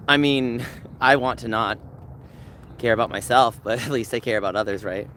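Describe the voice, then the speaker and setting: A man's voice: mid-range voice, steady tone, moderate pace, a bit bright. A man live streaming outdoors from a dog park, chatting loosely and reading chat aloud while he walks. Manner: rambling, reads chat aloud, talks to dogs. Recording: faint outdoor noise, dogs barking. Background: dogs and faint outdoor ambience.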